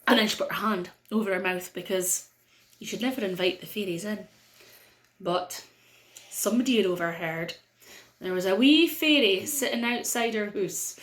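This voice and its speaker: A middle-aged woman with a North-East Scottish accent telling a story to children in a playful way, with dramatic pauses. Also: mid-range voice, fairly bright tone, reverberant.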